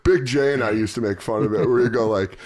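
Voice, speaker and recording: A man's voice: fairly low pitch, fast talker. A man in casual comedic chat, hosting and slipping into silly voices. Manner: animated, slips into silly character voices.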